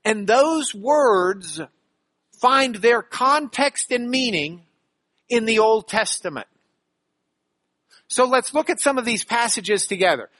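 A man's voice: extremely high pitch, expressive, takes it slowly, long pauses, sharp tone, no room sound. A man preaching a sermon, explaining scripture and repeating key words for emphasis, with asides that poke fun at himself. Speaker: pastor. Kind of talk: sermon teaching.

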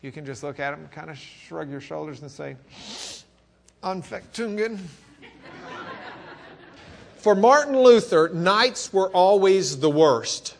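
A man with a Texan accent, from Lubbock, teaching a church class in a conversational sermon style, swinging between loud questions and quiet musing. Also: on the high side, animated, normal speed, creaky, hardly any pauses. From Lubbock, Texas.

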